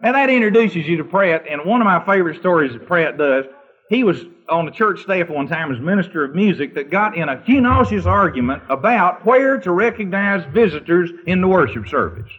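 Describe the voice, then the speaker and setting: An older man recounts silly anecdotes in a loose, folksy manner. His voice sits high for a man. The recording sounds muffled and lo-fi. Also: animated, fairly quick, fairly bright tone, slightly rough. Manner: folksy anecdotal storyteller, breaks into sung bits and laughter. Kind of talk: humorous storytelling. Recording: dull lo-fi recording.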